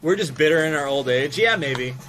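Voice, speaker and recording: A man's voice: a little high, lively intonation, a little fast, fairly bright tone, soft background music. A man who owns a shop, chatting casually on a livestream and reading viewer comments, rambling with lots of fillers and swearing freely. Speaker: game and toy shop owner streaming live.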